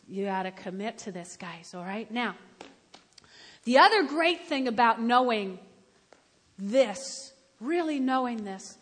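High-voiced older woman preaching in a hall. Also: very animated, moderate pace. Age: about 70. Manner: storytelling, building to loud emphatic exhortation. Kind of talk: sermon. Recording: echoey hall with long reverb.

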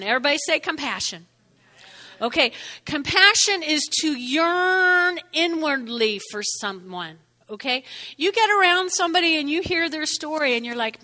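Woman pastor, high lively voice, chatty sermon delivery, hall echo. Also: moderate pace. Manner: conversational, keeps asking "okay?".

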